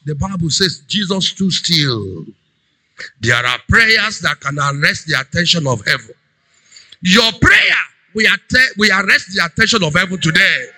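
A man preaching a sermon as a pastor, emphatic, swinging between loud cries and low urgent tones. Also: lively intonation, measured pace, rough recording.

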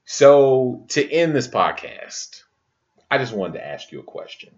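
A man's voice: medium pitch, big pitch swings, a little slow, dull audio. A man hosting a podcast, talking in passionate bursts and often asking "you know what I mean". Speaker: podcast host. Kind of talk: casual podcast chat.

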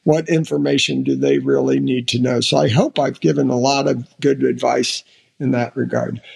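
An older American man, a retired admiral, telling stories in an interview, halting with restarts and lively when quoting others. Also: medium pitch, vocal fry. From United States. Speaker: podcast guest, retired admiral. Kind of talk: casual interview storytelling.

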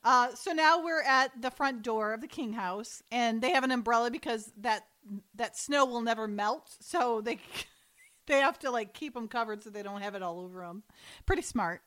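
A woman's voice: on the high side, moderate pace, a bit bright. A woman co-hosting a casual chat, retelling scenes and quoting the characters as she goes. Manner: chatty, retells scenes with quoted voices and laughs. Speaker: podcast co-host recapping a TV episode.

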